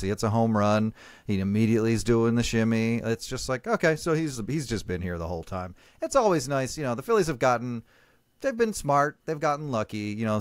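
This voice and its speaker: A man's voice: lowish voice, smooth, no room sound. Man, podcast co-host; dry, wry delivery, close, dead-sounding mic. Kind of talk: casual sports podcast chat.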